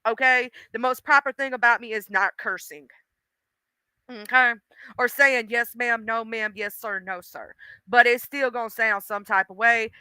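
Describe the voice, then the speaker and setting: Brief: outspoken woman streamer, very bright and smooth, dry close sound, rambling casual chat. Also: a little high, fairly even intonation, moderate pace, no echo. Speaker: livestreamer.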